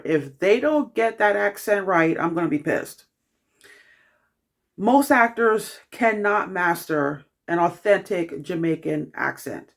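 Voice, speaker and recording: A young adult film reviewer reading a scripted review in a measured, steady way, with the odd filler. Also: medium pitch.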